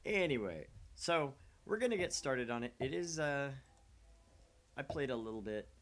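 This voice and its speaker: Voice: mid-range voice, very animated, moderate pace. A parent streaming a video game with their daughter, chatting casually with jokey asides.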